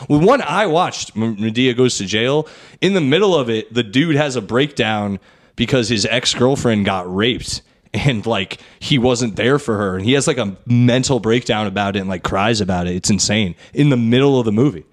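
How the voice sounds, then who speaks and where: A man's voice: medium pitch, normal speed. A young man hosting a casual podcast chat, loose and profane, retelling movie scenes. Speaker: podcast host.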